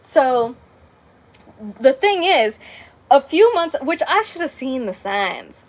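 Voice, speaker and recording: A woman's voice: sits high, slow pace, pauses often. A woman in her late twenties telling a personal story in casual, rambling chat, full of "like" and "um". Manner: rambling, heavy on "like" and "um", with animated quoted dialogue. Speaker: crafting channel host.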